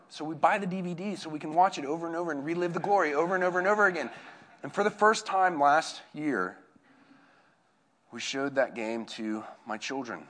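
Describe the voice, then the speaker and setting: Animated preacher man. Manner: storytelling, swings from hushed to excited and high. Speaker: campus minister. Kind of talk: conversational sermon.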